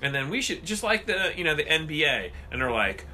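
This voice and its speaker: A man co-hosting a casual podcast chat, ranting and swearing in an animated way. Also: fairly high pitch, brisk, hardly any pauses, a little hiss or hum.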